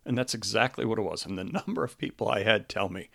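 Middle-aged male podcast host, grieving, halting and earnest; low voice with a gravelly edge. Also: expressive, fairly bright tone. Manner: halting and earnest, with many restarts. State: grieving, close to tears. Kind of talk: personal monologue.

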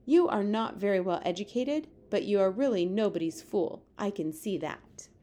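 A woman's voice: medium pitch, normal speed, dark tone, a little hiss or hum, lightly acted. A woman voicing a stately, gracious queen who speaks politely and evenly. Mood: approving.

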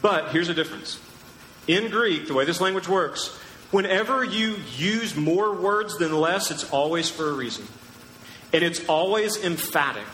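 A pastor preaching a sermon, teaching emphatically and asking the crowd questions. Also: male voice, fairly high pitch, moderate pace, a bit bright, slight background noise. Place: large church hall. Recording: echoey church hall with long reverb.

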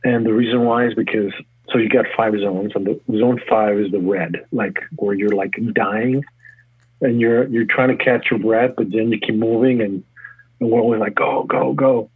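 Husky-voiced man on a tinny line. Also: fairly low pitch, dry recording. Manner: energetic, talks in quick restarts. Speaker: gym owner and fitness coach. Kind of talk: casual interview talk.

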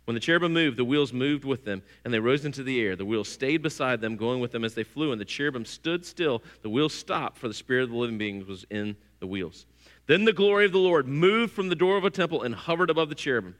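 A middle-aged man, preaching a sermon in a church and telling stories with lively, acted-out voices. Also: mid-range voice, fast talker. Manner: lively storytelling, acts out voices. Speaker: pastor. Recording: long hall reverb.

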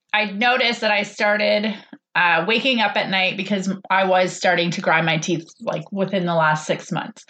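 A woman's voice: mid-range voice, pushed and bright, highs cut off. A woman hosting a podcast, casually telling a personal story and quoting others in a chatty, conversational way. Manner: chatty, quotes others in conversation, frequent "like" and "he's like". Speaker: podcast host.

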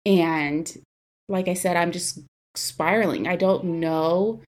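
Young woman podcast host, lowish voice, candid emotional storytelling, casual fillers. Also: takes it slowly. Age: 20s. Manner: candid, emotional, frequent "like" and "you know" fillers.

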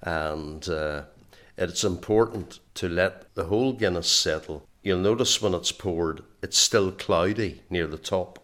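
A man's voice: low-pitched, a little slow, fairly bright tone. A man in his sixties with an Irish accent, a podcast guest who jokes dryly and laughs often. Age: 60s. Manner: dry, joking, laughs often. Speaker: guest, former caddie. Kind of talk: casual interview.

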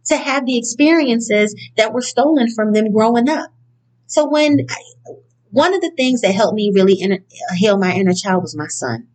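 A woman giving a casual motivational talk from notes, blunt and profane, with animated, emphatic outbursts. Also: on the high side, rough recording. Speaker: speaker on inner-child healing.

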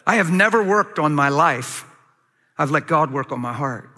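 Man, pastor, middle-aged, animated sermon storytelling, bright forceful tone, long reverb of a big hall. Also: on the high side, moderate pace. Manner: animated storytelling with acted-out quotes.

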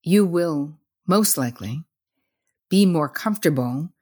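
A woman psychotherapist guesting on an interview, telling lively stories in a casual tone, acting out dialogue and swearing lightly. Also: low-pitched, a little slow.

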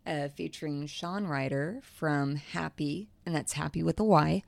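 Low gravelly joking woman. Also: measured pace. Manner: joking, self-deprecating. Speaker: podcast co-host. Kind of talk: casual music podcast chat.

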